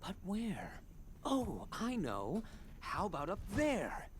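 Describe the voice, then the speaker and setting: A man's voice: high-pitched, huge pitch swings, takes it slowly, heavily acted. A man voicing an arrogant, boastful male bird warrior and archer in a video game. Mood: smug. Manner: condescending, boastful. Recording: noisy game audio.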